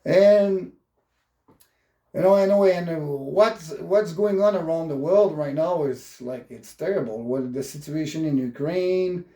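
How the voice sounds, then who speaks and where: Slow, indignant French Canadian man. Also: fairly high pitch, warm tone, reverberant. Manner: halting, restarting, indignant. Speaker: political vlogger. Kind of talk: opinionated monologue.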